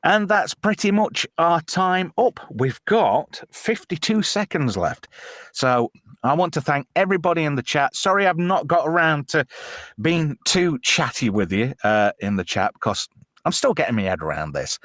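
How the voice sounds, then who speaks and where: A man's voice: fairly high pitch, big pitch swings, moderate pace, a bit bright, no echo, studio quality. A man hosting a casual live-stream film chat, telling stories in a chatty, self-deprecating way.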